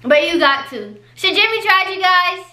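High bright-voiced teasing woman vlogger. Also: expressive, moderate pace. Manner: playful, teasing, talks straight to viewers. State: out of breath, tired. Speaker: vlogger co-host. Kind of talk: casual couple vlog.

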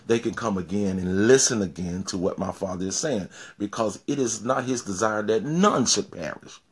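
A male pastor preaches in a low, husky voice. He often repeats words and restarts his sentences, then climbs to forceful, emphatic peaks. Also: normal speed. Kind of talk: informal sermon.

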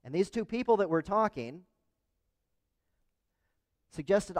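A pastor delivers a conversational sermon in a church sanctuary, frequently putting questions to the congregation. His voice sits high and expressive, slow and somewhat dark in tone. The long reverb of the church hall surrounds him.

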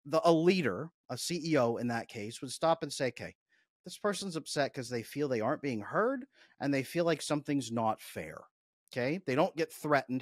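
A man's voice: medium pitch, lively intonation, moderate pace, dry recording, clean studio sound. A man coaching in a podcast discussion, explaining step by step in an emphatic, instructive way. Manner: emphatic, instructive, role-plays dialogue. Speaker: attachment coach.

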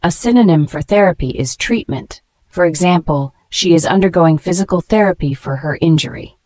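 A woman reading a scripted vocabulary lesson, spelling each word letter by letter and slowing down to pronounce it, with praise for the learner between words. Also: fairly low pitch, mellow, no echo. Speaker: English vocabulary teacher.

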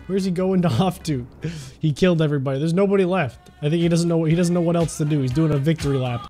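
A young man giving jokey, excited commentary on a sandbox game, crying out at the action. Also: on the high side. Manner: animated, jokey, cries out at on-screen action. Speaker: gaming YouTuber.

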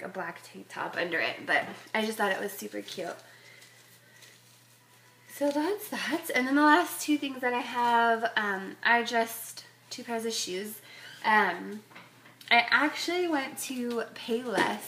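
Middle-aged woman, chatty vlogger, higher pitch, crisp forceful tone, rambles with lots of "like". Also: slow, slight background noise. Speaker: fashion vlogger. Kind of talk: casual haul vlog.

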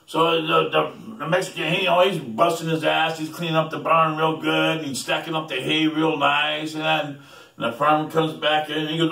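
A man's voice: a little high, steady tone, moderate pace, vocal fry, sharp tone. A man telling a joke casually, rambling, repeating words and chuckling often. His voice is heard in a roomy space from a distant mic. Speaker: joke teller.

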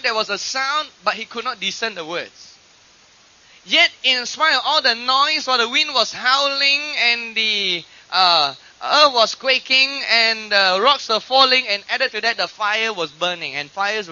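A man delivers a sermon to his congregation in a high, very bright, piercing voice. He alternates between loud, drawn-out lines and quiet asides, with filler words and restarts along the way. The audio is muffled and lo-fi, much like an old archival recording.

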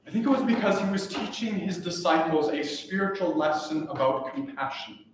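A man's voice: a little high, lively intonation, normal speed, a little hiss or hum. A man preaching an earnest, emphatic sermon as pastor, repeating his key phrases. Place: church sanctuary. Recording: echoey church from a distant mic.

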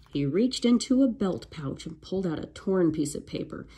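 A woman reads a children's storybook aloud, slow and unhurried. Her voice is low, mellow and a little husky, and it rises and falls in a lively way. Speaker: storybook reader. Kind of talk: read-aloud storybook narration.

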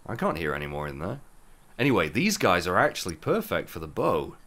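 A young man commentating a game playthrough in a chatty way, with loose asides, sounding groggy with a rough morning voice. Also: low voice, huge pitch swings, brisk, fairly bright tone. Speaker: gaming YouTuber. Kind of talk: let's play commentary.

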